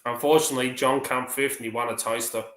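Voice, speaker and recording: A man's voice: medium pitch, steady tone, fast talker, a bit bright. A man co-hosting a casual livestream, a jokey storyteller who tells one joke after another. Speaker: livestream co-host. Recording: roomy echo.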